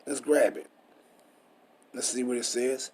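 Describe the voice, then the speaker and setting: Here the street-style scripture teacher speaks a little slowly at medium pitch, his tone darkish and slightly rough. He is emphatic and preachy, leaning on rhetorical questions and profanity.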